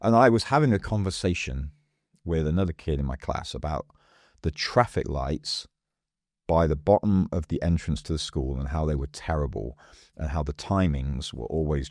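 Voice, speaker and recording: A man from England, a guest in a casual interview, telling stories in a lively way and acting out the voices of people he quotes. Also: very deep voice, dry recording, clean studio sound. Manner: lively storyteller who acts out quoted voices. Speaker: podcast guest.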